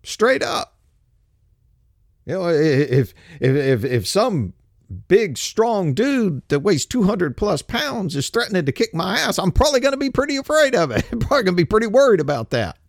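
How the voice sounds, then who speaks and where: Older man, sarcastic, lively high voice. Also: moderate pace, vocal fry, dry recording, studio quality. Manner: mocking and sarcastic, laughs often; blunt, coarse street talk. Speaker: host. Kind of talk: political commentary monologue.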